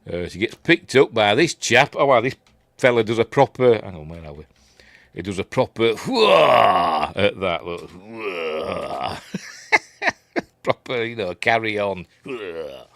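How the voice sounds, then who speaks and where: A middle-aged man from Yorkshire, England, with a Yorkshire accent, hosts a livestream review show, chatting casually, reading out viewer messages and laughing at his own jokes. His fairly low voice has lively intonation at a moderate pace, with no echo.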